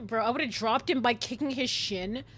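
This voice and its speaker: A woman's voice: high-pitched, a bit bright, slight background noise. A woman streamer reacting to a game, laughing often, swearing and sounding incredulous. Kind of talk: live game commentary.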